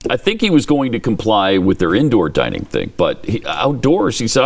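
A man's voice: on the low side, moderate pace, creaky, few pauses. A man co-hosting a talk show, telling stories in a casual chat and acting out the people he quotes. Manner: lively storytelling, acts out quoted people. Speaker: co-host.

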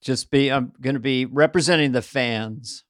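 A man co-hosting a casual comedy talk show, joking around with quick asides. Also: medium pitch, dry recording, studio quality. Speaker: podcast co-host. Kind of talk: casual chat.

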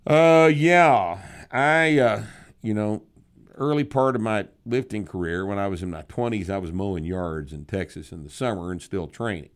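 Blunt, deep-voiced man giving gruff advice. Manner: blunt, profane, sardonic, with drawn-out emphasis. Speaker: podcast host answering listener questions. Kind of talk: casual podcast advice.

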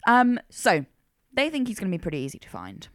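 A woman's voice: mid-range voice, wildly swooping pitch, brisk, no room sound, clean studio sound. A woman co-hosting a podcast, telling a true crime case in a chatty, slangy way. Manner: chatty, uses casual slang like mega. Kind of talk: casual true crime storytelling.

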